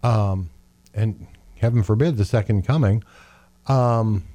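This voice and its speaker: A man with a mellow, dark voice explaining scripture in a lively storytelling way, acting out the quotes as he goes. His voice sounds close and dry. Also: lowish voice, slow, no room sound. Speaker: co-host. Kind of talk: Bible teaching conversation.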